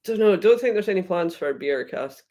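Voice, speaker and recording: A woman's voice: on the low side, animated, a little fast, warm tone. A woman who is a guest on a casual chat show, talking in a friendly, chatty way with lots of "like". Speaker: guest, whisky brand ambassador.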